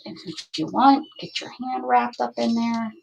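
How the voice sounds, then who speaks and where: Gravelly-voiced woman chatting while crafting. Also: on the high side, measured pace, faint music behind, poor audio. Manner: chatty, thinking aloud while working, with asides and laughs. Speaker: crafting livestream host. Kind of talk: casual crafting chat.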